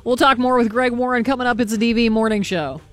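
A man in his forties hosting a radio morning show, upbeat and quick to laugh. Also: extremely high pitch, steady tone, fairly bright tone, soft background music. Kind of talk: casual chat.

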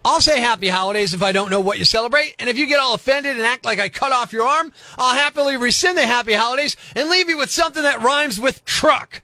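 A man with a strikingly high, piercingly bright voice rants like a radio morning host, emphatic and sarcastic. His words land close and dry from a studio microphone. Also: fast talker, hardly any pauses, no room sound. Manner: indignant, emphatic, sarcastic ranting. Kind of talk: scripted comedic radio rant.

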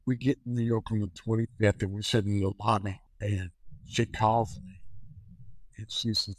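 Older male storyteller, lively, acts out voices, dry close sound. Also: fairly low pitch, normal speed, slightly rough, no echo, low-quality recording. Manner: animated storyteller, acts out phone calls in voices. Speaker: guest, activist. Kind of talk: storytelling in a conversation.

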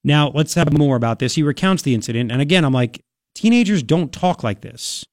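Man, talk radio host, slightly high pitch, sarcastic, incredulous, repetitive emphasis. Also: animated, a little fast, darkish tone, dry recording, studio quality. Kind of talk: opinionated talk radio commentary.

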